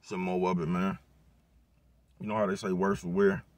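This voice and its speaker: Laid-back man talking slang, low voice. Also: level tone, moderate pace, no echo. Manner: laid-back, profane street talk, constant "you know what I'm talking about". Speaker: vlogger giving life advice. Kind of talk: casual motivational monologue.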